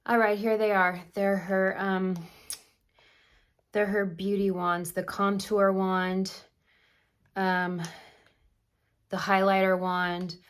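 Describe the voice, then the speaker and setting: A woman's voice: medium pitch, level tone, slow pace, pauses often, clear, resonant tone. A middle-aged woman talks through a makeup tutorial in a casual, chatty way. She gives her opinions freely as she works on her face. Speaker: makeup artist.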